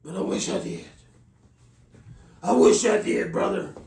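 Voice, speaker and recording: A man putting on a loud, pumped-up wrestler impression, shouting catchphrases and calling everyone brother, in a roomy off-mic recording. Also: high voice, fairly even intonation, a little slow, gravelly, far from the mic, a little hiss or hum, pitched above the performer's own voice, full character voice.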